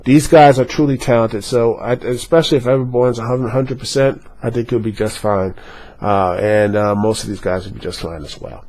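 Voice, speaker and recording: A man's voice: medium pitch, fairly even intonation, normal speed, a little mellow, rough recording. A man giving a casual, rambling opinion rant as a vlogger, with many fillers and restarts. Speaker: wrestling commentary vlogger.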